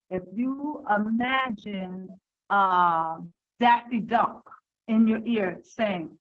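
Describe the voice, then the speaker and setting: A woman's voice: mid-range voice, a little slow, narrow, tinny audio. A woman giving an unscripted talk on handling fear, hesitant and full of fillers and restarts, heard over an online call. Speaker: speaker on overcoming fear.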